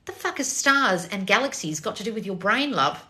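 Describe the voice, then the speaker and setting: Blunt, sweary woman coach, bright voice. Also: medium pitch, animated, normal speed. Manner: blunt, sarcastic, swears freely. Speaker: manifestation coach. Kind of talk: live stream answering chat.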